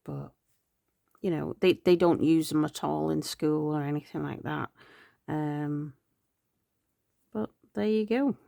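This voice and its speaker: A middle-aged woman talks in a low, unhurried voice with a gravelly edge. She rambles, corrects herself and lets soft laughs slip in, sounding tired. The sound is close and dry. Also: no room sound. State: tired, yawning. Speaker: planner vlogger. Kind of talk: chatty planner update.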